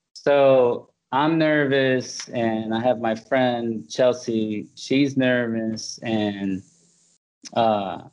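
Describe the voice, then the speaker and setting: A man hosting a podcast, telling a funny story in casual chat, laughing and jumping up in pitch to imitate others. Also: darkish tone, lo-fi sound. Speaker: podcast host.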